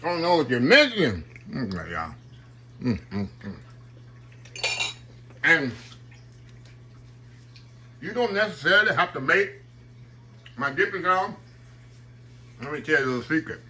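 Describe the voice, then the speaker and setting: A man fries food on his home kitchen stove for his cooking channel, the sizzle audible over slight background noise. His voice is a little high, sing-song, bright, and forceful, moving at a moderate pace with frequent pauses, and he's chatty with plenty of "y'all."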